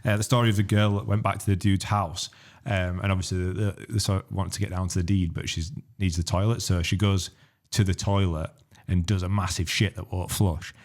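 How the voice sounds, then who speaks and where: A man's voice: low voice, little pitch movement, a little fast. A man, trading blunt, sweary banter and stories on a casual podcast. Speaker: podcast co-host. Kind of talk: casual chat.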